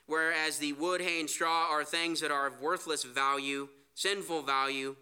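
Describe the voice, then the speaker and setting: A man's voice: a little high, fairly even intonation, normal speed, bright, forceful tone, smooth. A man preaching a sermon, earnest, reading scripture aloud. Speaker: pastor.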